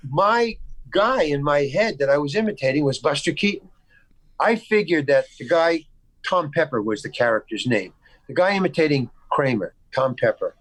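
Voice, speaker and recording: Guest actor, male, from the States, video call, higher voice, dry sound, stammering storyteller. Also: lively intonation, moderate pace, fairly bright tone, no echo, poor audio. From United States. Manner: rambling, with frequent restarts and stammers; acts out quoted dialogue in the story. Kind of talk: casual anecdote storytelling.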